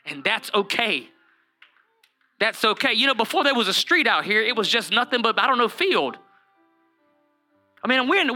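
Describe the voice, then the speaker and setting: A man pastor preaching a lively sermon, acting out Bible characters in comic voices and calling out to his listeners. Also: high-pitched, normal speed, pauses often, soft background music. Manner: animated, acts out Bible characters in funny voices, calls to the congregation by name.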